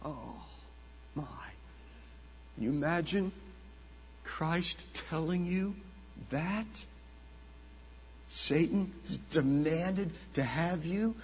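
A man preaching a sermon as the pastor, dramatic and swinging between hushed tones and loud bursts. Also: fairly high pitch, drawn-out words, pauses often, breathy edge. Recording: dull lo-fi sound with long hall reverb.

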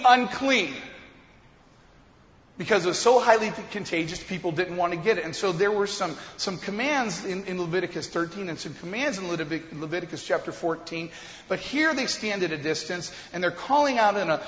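A man's voice: high voice, fairly bright tone. Male pastor, sermon delivery, rhetorical questions; dull, roomy church recording. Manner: preaching with rising emphasis and rhetorical questions to the congregation. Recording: echoey hall, dull lo-fi sound.

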